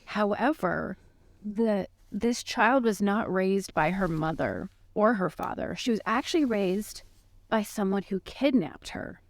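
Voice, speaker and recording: A woman co-hosting a podcast, telling a made-up case in a mock-serious, deadpan way. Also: medium pitch, measured pace, gravelly, no echo. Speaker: podcast co-host presenting a case. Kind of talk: casual podcast chat.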